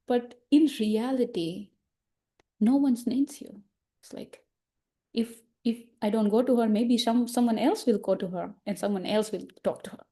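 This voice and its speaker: A woman's voice: fairly high pitch, moderate pace, dark tone. A Buddhist nun leading an informal dharma discussion, speaking in earnest, reflective, non-native English and voicing her own inner thoughts as little quotes.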